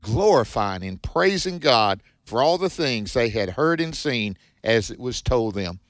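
Male radio preacher, mid-pitched, emphatic scripture teaching, dry close mic. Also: sing-song, dry recording. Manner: warm-hearted, emphatic, reads scripture then comments quickly. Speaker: radio Bible teacher host.

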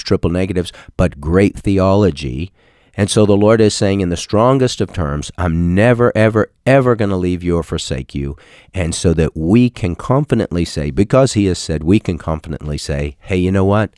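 Deep-voiced older man hosting religious radio. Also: darkish tone, dry recording, clean studio sound. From Texas. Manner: folksy, halting with many uh fillers. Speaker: radio host and pastor. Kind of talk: radio talk with scripture teaching.

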